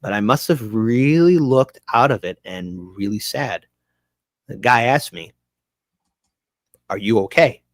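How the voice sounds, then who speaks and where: A man, a guest on a talk show, telling an emotional personal story in an earnest, halting way with many restarts. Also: medium pitch, no room sound, studio quality.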